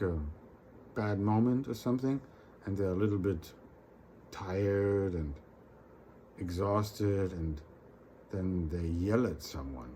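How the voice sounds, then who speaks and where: A man with a fairly low, mellow voice talks straight to his viewers in a loose, unscripted vlog. He stumbles and repeats words as he goes and slips into quoted mini-dialogues. Faint background noise sits under him. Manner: repeats words and restarts often; acts out little quoted exchanges. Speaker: vlogger. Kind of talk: rambling casual monologue.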